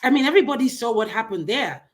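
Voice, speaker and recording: A woman's voice: fairly high pitch, expressive, quick pace. A woman with a Nigerian accent, co-hosting a casual gossip chat, talking emphatically and mockingly and repeating words. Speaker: co-host.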